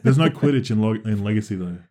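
A young man co-hosting a casual podcast, chatting loosely and jumping into loud re-enactments of his stories. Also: lowish voice, fast talker. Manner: animated, shouts when acting out stories. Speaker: podcast co-host. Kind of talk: casual chat.

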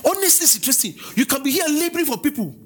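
A Nigerian pastor preaches a sermon in church, swinging between conversational asides and chanted King James scripture. His voice is very high and sing-song, and he races along.

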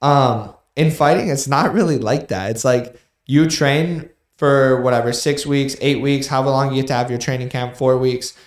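A young man chatting casually as a podcast co-host, rambling on with a steady stream of "like" and restarts. His voice sits at an ordinary pitch for a man. The sound bounces around an echoey room. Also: normal speed. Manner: rambling, filler-heavy, repeats "like". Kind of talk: casual chat.

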